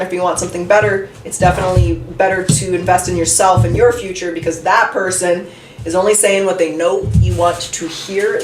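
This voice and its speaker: A woman giving a casual tarot reading, chatty and candid, thinking aloud as she draws each card. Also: fairly low pitch. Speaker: tarot reader. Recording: roomy, distant from the mic, faint noise.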